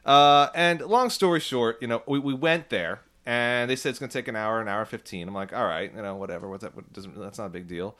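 A man's voice: mid-range voice, fairly quick, few pauses, fairly bright tone. Rambling man telling a story. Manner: rambling storyteller with many fillers and restarts, gets heated. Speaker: podcast co-host. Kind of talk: casual chat.

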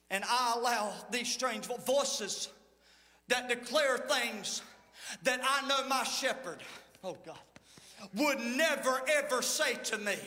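A man preaching a sermon in a very high, sharp, bright voice. He jumps from loud declarations to soft asides and acts out the people in his stories. The sound rings with the long reverb of a church sanctuary. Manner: preaching with sudden swings between loud calls and hushed asides; playful storytelling, acting out the people in his stories. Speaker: lead pastor.

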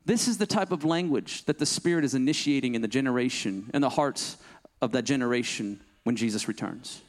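A man's voice: mid-range voice, brisk, big-room sound. A young adult man preaching a sermon as pastor, impassioned and rising to fervent pleading.

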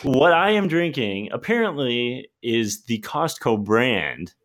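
A man's voice: mid-range voice, sing-song, takes it slowly, fairly bright tone. A man co-hosting a casual podcast, laid-back and joking, trailing off and restarting as he talks. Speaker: podcast co-host. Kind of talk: casual chat.

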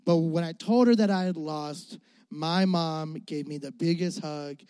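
A young male pastor tells a comic story from the pulpit, animated and jokey, acting out the voices of his younger self. His voice sits high for a man, and the recording is dry and close with little room sound. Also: a little slow, clean tone, dry recording. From Florida.

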